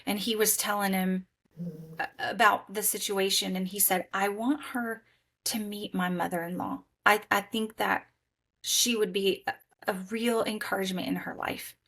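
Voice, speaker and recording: Woman, podcast guest, personal testimony, expressive storytelling, mid-range pitch. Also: normal speed. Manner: animated storytelling, acting out quoted voices. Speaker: guest sharing her testimony.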